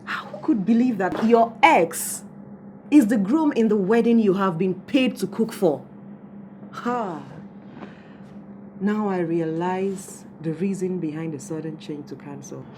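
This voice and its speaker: An actress playing a level-headed friend who teases and calms her, speaking with a Nigerian accent. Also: mid-range voice, measured pace, slight background noise, lightly acted. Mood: teasing. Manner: teasing and calming. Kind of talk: film drama acting.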